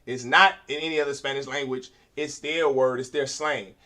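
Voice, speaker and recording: A man teaching a class in an emphatic preaching style, asking rhetorical questions and rising to loud, forceful delivery. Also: medium pitch, fairly even intonation, normal speed. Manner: uses rhetorical questions and quoted voices.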